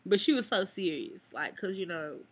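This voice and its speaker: A woman's voice: fairly low pitch, lively intonation, normal speed, husky. A sad, upset young woman venting to viewers in a rambling vlog, cursing freely. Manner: rambling, cusses, addresses viewers. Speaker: vlogger.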